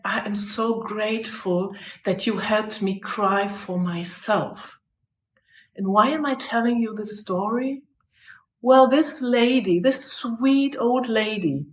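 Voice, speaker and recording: A woman's voice: a little high, roomy sound. A woman in her fifties working as a life coach, telling a personal story to camera in an earnest, heartfelt way. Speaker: life coach and motivational speaker.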